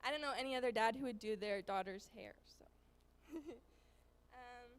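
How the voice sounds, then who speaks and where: A woman's voice: on the high side, normal speed, long reverb tail. A teenage girl, a student athlete, giving a grateful thank-you speech with small laughs. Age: teens.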